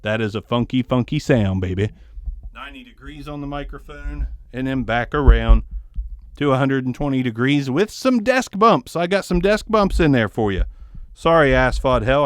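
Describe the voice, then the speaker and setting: A man talks through a microphone test in a loose, rambling way, joking at his own expense. His voice is smooth and resonant, recorded close and dry, with his Southern US accent mostly held back. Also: medium pitch, lively intonation, moderate pace, no room sound. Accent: tones down a Southern US accent. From American South. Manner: rambling, joking, self-deprecating. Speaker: microphone reviewer. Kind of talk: casual mic test review. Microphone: ribbon microphone, close and moved around.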